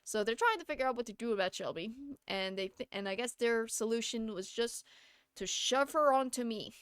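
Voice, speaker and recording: A woman's voice: a little high, moderate pace, fairly bright tone, smooth, no room sound, studio quality. A young woman streaming a game from home, chatting in a rambling way and laughing often. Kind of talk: casual chat while gaming.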